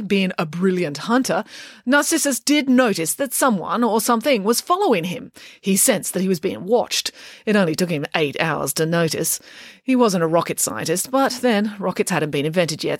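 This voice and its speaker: Brief: wry playful storybook reader, lively tune, dry close mic, woman. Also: on the low side, moderate pace, no echo. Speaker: audiobook narrator. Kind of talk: scripted storybook narration.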